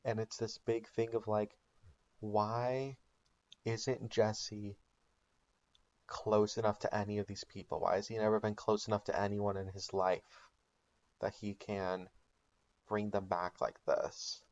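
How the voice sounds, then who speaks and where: Low-voiced man, casual recap storytelling. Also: flat delivery, slow pace, pauses often, a little mellow, muffled recording. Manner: casual storytelling with ums and likes. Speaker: channel host. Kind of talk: comedic made-up TV recap narration.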